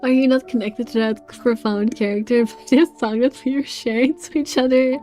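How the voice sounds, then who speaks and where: A woman's voice: fairly high pitch, steady tone, normal speed, dark tone, soft background music. Laughing, swearing woman streamer. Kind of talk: live game commentary and read-aloud.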